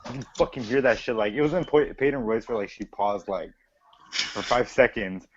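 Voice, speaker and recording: A man's voice: medium pitch, normal speed. A man co-hosting a podcast, telling stories in casual chat with plenty of swearing and acted-out quotes. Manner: profane, animated storyteller acting out quotes. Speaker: podcast co-host. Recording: dull lo-fi recording with clear noise.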